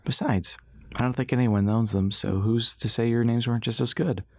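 A man voicing a cheerful, curious young woman aboard an airship, speaking gently with a slightly raised tone, in a dry close-miked audiobook recording. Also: mid-range voice, fairly even intonation, moderate pace, dry recording, close to an everyday voice. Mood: gentle.

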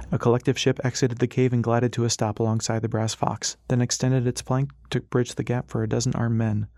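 A man narrating an audiobook in a steady, measured reading style. His voice sits at an average pitch. It is recorded dry and close, with no room sound. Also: no room sound. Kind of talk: scripted narration.

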